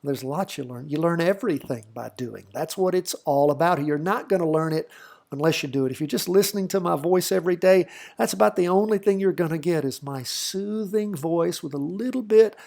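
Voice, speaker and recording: A man's voice: fairly high pitch, brisk, creaky, a little mellow. A middle-aged man with a slight Southern accent, giving folksy, chatty market commentary as host of a trading channel. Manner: folksy, chatty, thinks aloud with fillers. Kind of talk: casual market commentary over charts.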